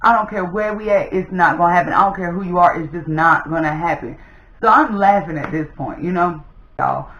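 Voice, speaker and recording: Chatty woman storyteller, lively delivery, recorded in a roomy space on a slightly muffled mic. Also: on the low side, brisk, slight background noise. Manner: animated, addresses viewers as "y'all". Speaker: storytime vlogger. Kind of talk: casual storytelling.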